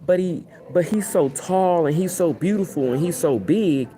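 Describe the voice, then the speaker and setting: A man's voice: a little high, normal speed, dark tone. A man preaching in a rambling live stream from a plane, often checking that listeners follow him. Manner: repetitive, keeps asking "you see what I'm saying". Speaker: self-styled high priest preaching online. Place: airplane cabin.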